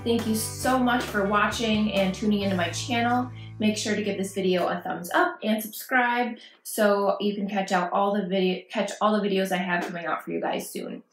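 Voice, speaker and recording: A woman's voice: mid-range voice, steady tone, normal speed, few pauses, faint music behind. A woman vlogging parenting advice, talking casually and reassuringly to camera and acting out worried quotes. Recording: echoey room.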